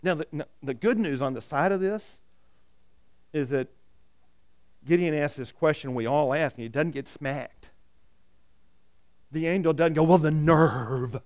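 A man preaching a sermon with a fairly high voice. He is animated, often acts out quoted voices, and keeps asking the congregation rhetorical questions. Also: a little slow, pauses often. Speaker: pastor.

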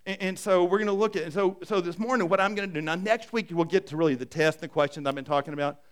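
High-voiced older male pastor preaching. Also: fast talker, clean tone. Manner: conversational preaching with frequent restarts. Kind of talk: sermon.

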